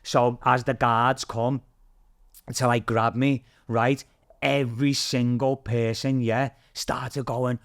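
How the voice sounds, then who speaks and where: A British man speaking as a podcast guest, with a voice pitched squarely in the middle of the male range. He tells his story animatedly, swears freely and acts out the other people in it. The recording is dry and close, with no room sound. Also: measured pace, no room sound. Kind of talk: casual storytelling.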